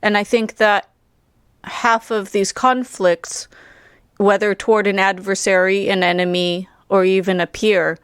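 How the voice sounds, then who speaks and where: A woman co-hosting a podcast, speaking at a middle pitch in a calm, considered way. She lays out her thoughts carefully, one step at a time. Her voice sounds dry and close, with no room echo. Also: clear, resonant tone. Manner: measured, reflective, builds ideas step by step. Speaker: podcast co-host. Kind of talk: casual chat.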